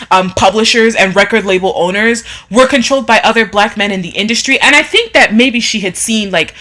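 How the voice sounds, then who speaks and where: A woman's voice: on the high side, bright, forceful tone. A woman hosting a casual live stream, reading viewer comments and chatting in an emphatic way, often repeating phrases for effect. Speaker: livestream host.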